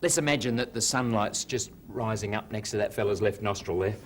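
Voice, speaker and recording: A man's voice: on the low side, a little fast, a little hiss or hum. A man chatting while he paints on a television talk show, narrating his brush strokes and telling jokes. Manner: rambling, self-narrating, jokey. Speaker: guest painter. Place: TV studio.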